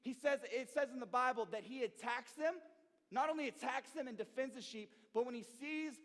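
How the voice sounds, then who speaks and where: A young man preaching to a youth group, telling a story with lively, slangy energy. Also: extremely high pitch, fairly quick, long reverb tail. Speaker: youth pastor. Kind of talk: sermon to youth.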